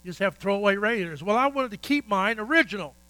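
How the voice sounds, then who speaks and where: A man's voice: sits high, quick pace, smooth, dry recording, poor audio. Folksy older man preaching. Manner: folksy, animated storytelling with repeated phrases. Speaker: pastor. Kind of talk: sermon storytelling.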